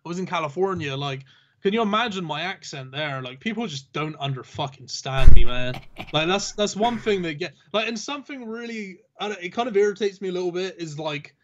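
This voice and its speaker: A man's voice: high-pitched, animated, brisk, fairly bright tone, dull audio. A man with a rhotic Southern English accent, chatting casually in an easygoing, rambling way, full of fillers and swearing. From southern England. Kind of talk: casual chat.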